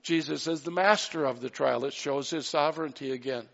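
A man's voice: a little high, fairly quick, gravelly, dull audio. A man preaching a sermon in an earnest way, with light asides and acted-out quotes. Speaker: pastor.

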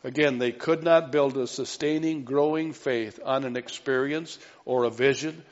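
A man's voice: medium pitch, fairly even intonation, moderate pace. A man preaching a sermon as pastor, earnest and repeating key phrases for emphasis. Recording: dull reverberant hall recording.

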